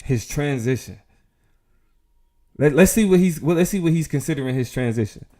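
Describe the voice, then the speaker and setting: A man hosting a casual commentary show, talking in an animated, emphatic way with frequent restarts. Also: a little high, moderate pace, slight background noise. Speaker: show host.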